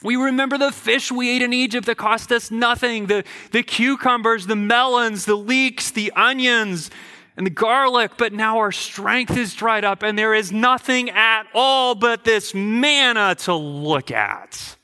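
A man's voice: very high voice, a little slow, pushed and bright, clear, resonant tone, in a large hall, pitched above the performer's own voice, exaggerated voice. A man voicing a grumbling wanderer who complains and pines for old food, in a plaintive sing-song, as part of a sermon. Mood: whining. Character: whining grumbling crowd of wandering people.

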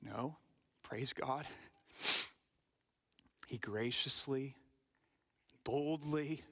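Emphatic preaching man, bright voice. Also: mid-range voice, very slow, vocal fry. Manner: emphatic preaching, drops to hushed whispers for effect; stammers and repeats words. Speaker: pastor. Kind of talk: sermon.

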